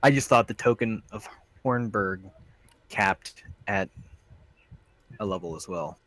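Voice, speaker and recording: A man's voice: fairly low pitch, slow, fairly bright tone, no room sound. A man chatting casually about a game, hesitantly looking up and checking item details. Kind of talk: casual gaming chat.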